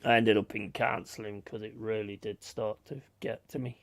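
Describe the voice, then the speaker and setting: Speaking at normal speed in a lowish, level voice with no echo, this man chats casually on a live stream. He reads out chat comments and tells sweary, blunt stories.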